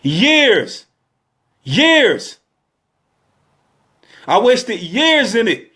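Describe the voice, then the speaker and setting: Man in his thirties, high voice, preaching with emotional, pleading repetition. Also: very animated, very slow, bright, forceful tone, breathy edge. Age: 30s. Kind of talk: impassioned exhortation.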